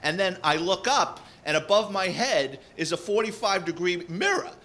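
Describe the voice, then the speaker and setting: A man, a retired police officer co-hosting a podcast, telling animated anecdotes and acting out the people he quotes. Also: sits high, normal speed. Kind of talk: casual storytelling chat.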